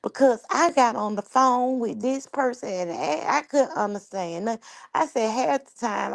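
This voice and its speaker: Brash New York woman, gravelly voice. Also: on the high side, moderate pace. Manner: brash, chatty, profane. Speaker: live stream host. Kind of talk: casual live chat.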